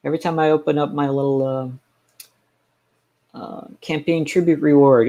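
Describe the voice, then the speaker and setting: A man's voice: on the high side, a little fast, pauses often, a little mellow. A man chatting casually on a live stream, ranting sarcastically and rambling with frequent restarts. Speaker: game streamer.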